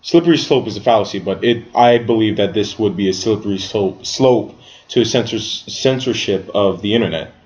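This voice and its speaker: A man co-hosting a casual podcast discussion, halting and often restarting as he searches for words. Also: lowish voice, a little mellow. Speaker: podcast co-host. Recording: dull lo-fi sound.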